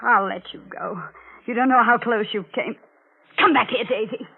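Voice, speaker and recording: A woman's voice: on the high side, moderate pace, creaky, slightly rough, narrow, tinny audio. An actress playing a jealous, possessive young woman who turns murderous, in 1940s radio drama style, cold and menacing. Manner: cold and menacing, then pleading. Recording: scratchy 1940s radio broadcast.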